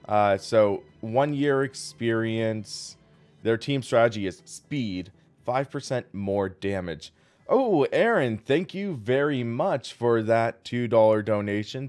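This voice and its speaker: A man's voice: lowish voice, darkish tone, clean tone. A man hosts a live sim racing stream and chats casually while he plays. He rambles and thanks viewers along the way. Faint music plays behind him.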